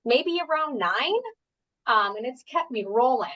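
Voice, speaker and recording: Speaking a little slowly and with animation, a woman with a slightly high voice hosts a live group workshop as a health coach at home. Her talk is chatty and rambling, full of fillers and tangents, and the recording sounds dull.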